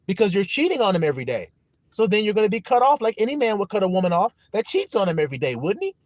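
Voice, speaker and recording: A male preacher with a high, very lively voice, delivering a sermon. He talks emphatically and bluntly, with casual profanity. The recording is dry and close. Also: racing, dry recording.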